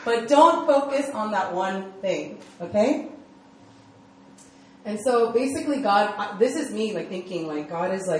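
A woman's voice: medium pitch, animated, normal speed, mellow, a little hiss or hum. A young adult woman giving a casual sermon to a youth group, telling stories in a chatty way full of fillers. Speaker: speaker at a church youth group. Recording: echoey room, mic far off, faint ambience.

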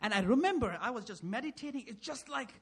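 A man preaching a sermon as a pastor, asking rhetorical questions, tagging lines with "right?", and swinging sharply between loud and soft. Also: very high voice, lively intonation, fast talker, slightly rough.

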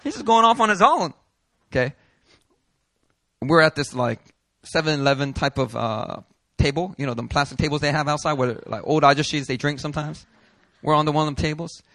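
A pastor telling a story from the pulpit, bright and forceful in tone and fairly high for a man. He acts out each person he quotes with real energy. The sound is dry and close. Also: fairly even intonation, fairly quick, no room sound. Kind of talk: sermon with storytelling. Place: church hall.

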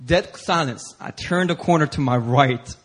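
A man pastor preaching a sermon through an animated story, acting out voices and bursting into shouts. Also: on the high side, unhurried, breathy edge.

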